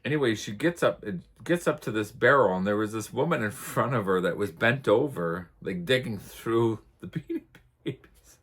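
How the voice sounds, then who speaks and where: A man's voice: on the low side, expressive, moderate pace, a bit bright, breathy edge. A man from the United States hosting a casual vlog, telling rambling anecdotes and chuckling as he goes. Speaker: vlog host. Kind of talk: casual storytelling chat.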